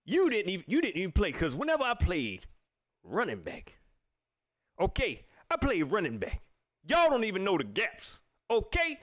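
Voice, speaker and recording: A man hosting a casual sports livestream, talking straight to his viewers in a somewhat high voice. His pitch leaps up and down constantly as he rants playfully and breaks into laughter. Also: normal speed. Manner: animated ranting, laughs often, talks to viewers. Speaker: sports talk show host.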